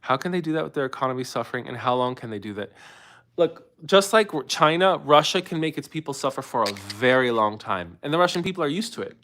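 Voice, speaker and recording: A man in his thirties hosts a live stream, talking fast in an expressive, bright, forceful mid-range voice with a little hiss or hum. He chats loosely with viewers and answers their questions in casual live-stream talk, rambling and restarting often.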